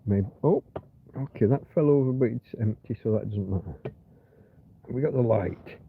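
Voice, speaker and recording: With a lowish, creaky voice at a moderate pace, a man rambles through a casual livestream from his bed on a cold night. He mutters to himself and his audience, at times talking quietly to a companion. The sound is tinny, like a phone stream, with slight background noise.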